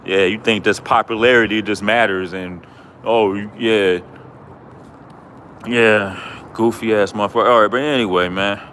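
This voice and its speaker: A man's voice: fairly low pitch, fairly even intonation, moderate pace, pauses often, a bit bright, slight background noise. A man hosting a livestream, ranting in a taunting, repetitive, mocking way. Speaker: livestream host.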